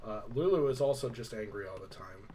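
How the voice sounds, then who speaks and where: A man's voice: lowish voice, expressive, a little fast, dark tone, slight background noise. A young man casually recapping a video game story, rambling with lots of "like" and fillers. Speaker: let's play host.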